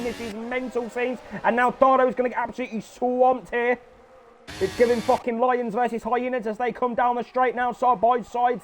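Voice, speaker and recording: A young man commentating an online racing league, frantic and sweary, shouting when cars crash. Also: extremely high pitch, slight background noise. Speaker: race commentator. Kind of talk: excitable sim racing commentary.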